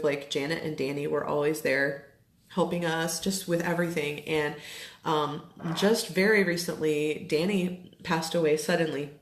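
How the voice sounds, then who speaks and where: Thirtysomething woman chatting to her camera, lots of "like" and "um", kinda low voice, roomy echo. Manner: chatty, many fillers, gets emotional. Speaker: essential oils seller. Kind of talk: casual live chat to camera. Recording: echoey room.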